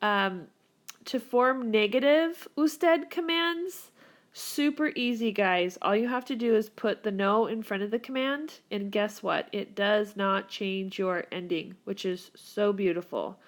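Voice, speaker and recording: In a mid-range voice and at a slightly slow pace, a woman who teaches Spanish records a grammar lesson at the whiteboard. She stays cheerful and encouraging while explaining the rules to her students.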